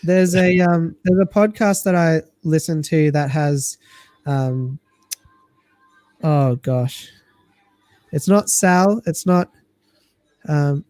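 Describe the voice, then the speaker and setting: A livestream host who chats in a relaxed, rambling way, searching for words as they go. The voice has a mid pitch, and the sound is dry and close. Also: takes it slowly, long pauses, no room sound, faint music behind. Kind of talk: casual chat.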